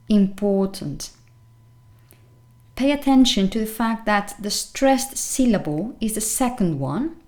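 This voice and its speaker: Woman language teacher, slow deliberate pronunciation, repeats each word. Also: mid-range voice, darkish tone. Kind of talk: pronunciation lesson.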